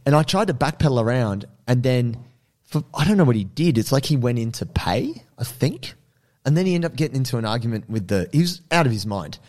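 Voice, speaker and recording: Young aussie guy telling a story, super lively pitch, lots of likes and fillers. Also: a little fast. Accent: Australian. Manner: animated, rambling, many fillers. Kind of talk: casual storytelling chat.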